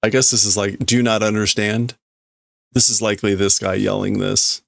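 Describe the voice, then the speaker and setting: This streamer host speaks in a lowish, creaky voice with a level tone at normal speed. He reads a manga aloud on a live stream, translating on the fly and pausing to think over the wording, captured in a dry, clean studio recording.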